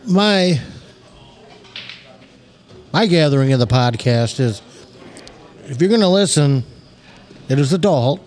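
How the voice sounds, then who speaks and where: A man's voice: fairly high pitch, expressive, takes it slowly, long pauses, a little mellow. A man co-hosting a podcast in loose, rambling, laughing banter. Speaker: podcast co-host. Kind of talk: casual chat.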